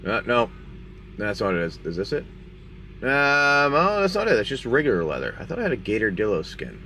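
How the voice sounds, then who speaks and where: Bright-voiced man running a game. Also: mid-range voice, huge pitch swings, brisk, a little hiss or hum. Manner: rambling, chatty, playful. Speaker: game master and card-break host. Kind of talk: live-stream narration of a tabletop game.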